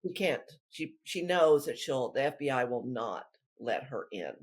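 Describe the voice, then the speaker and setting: Husky, lively-voiced woman author chatting. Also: a bass voice, a little slow. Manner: rambling, chatty. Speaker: author guest. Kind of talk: casual interview chat.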